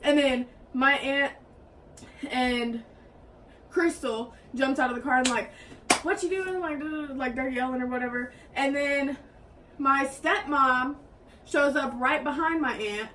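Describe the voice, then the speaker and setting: A young woman, telling a story in a lively, casual way and acting out what others said. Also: sits high, unhurried. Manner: animated, acts out quotes in raised voices. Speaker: co-host. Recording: mic at a distance, faint background hiss.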